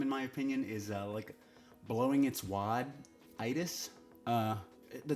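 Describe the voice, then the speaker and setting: Exasperated male reviewer, sarcastic and loose-mouthed, average pitch, soft music underneath. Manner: sarcastic, exasperated, swears casually. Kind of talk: casual opinionated review.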